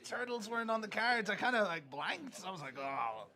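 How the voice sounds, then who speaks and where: A man's voice: high voice, lively intonation, brisk, vocal fry, sharp tone. A man, a comedy contestant, chatting in a laid-back way, laughing and trailing off. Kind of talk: casual interview.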